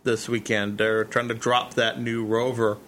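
A man's voice: fairly low pitch, level tone, measured pace, fairly bright tone, slight background noise. A man co-hosting a casual podcast, rambling through crude jokes and laughing at his own lines. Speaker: podcast co-host.

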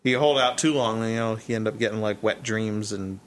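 A man co-hosting a podcast in casual chat, jokey and quick to laugh. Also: lowish voice, a little hiss or hum. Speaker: podcast co-host.

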